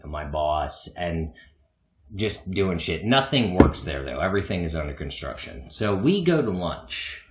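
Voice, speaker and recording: A man co-hosting a podcast, telling a long self-mocking story in a rambling, casual way and laughing often. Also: deep voice. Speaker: podcast co-host. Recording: echoey room.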